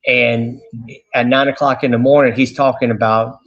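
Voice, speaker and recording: A man's voice: medium pitch, normal speed, lo-fi sound. A man, a radio host telling stories as an interview guest, chatty and full of fillers and restarts. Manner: animated anecdotes with many fillers and restarts. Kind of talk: casual storytelling interview.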